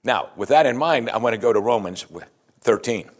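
A man's voice: medium pitch, animated, brisk. A man preaching a sermon as pastor in a conversational way, often saying "you see" and restarting his sentences.

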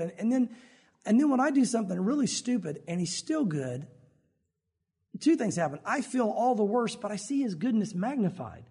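A pastor delivers a sermon at a moderate pace in a high, slightly husky voice. His tone is conversational and animated, and he drops into small acted-out quotes along the way.

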